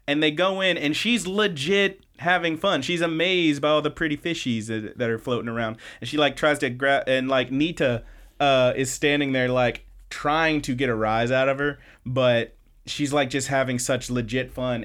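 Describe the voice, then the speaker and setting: A man hosting a podcast, casually recapping anime episodes in a chatty storytelling way, quoting characters in quick bits and swearing now and then. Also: mid-range voice, steady tone, a bit bright. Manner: loose, with frequent fillers and swearing. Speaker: podcast host.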